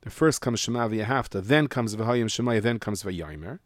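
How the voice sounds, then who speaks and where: Fairly low-pitched and lively in intonation, this Torah teacher speaks at a moderate pace in a clean, echo-free studio recording. Teaching a Mishnah class, he explains the text in English interspersed with Hebrew and Yiddish terms, carefully sounding out and stressing pronunciation.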